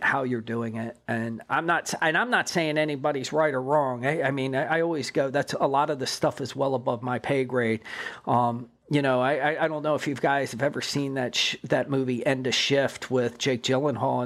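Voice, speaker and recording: A man, a former police officer and drug agent, guesting in a casual interview and telling animated stories with stammering restarts and swearing. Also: mid-range voice.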